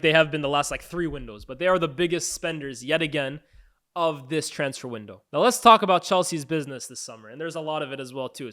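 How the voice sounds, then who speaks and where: A young man hosting casual football commentary, blunt and animated, swearing now and then. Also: on the high side. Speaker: football pundit host. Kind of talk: casual tier-list commentary.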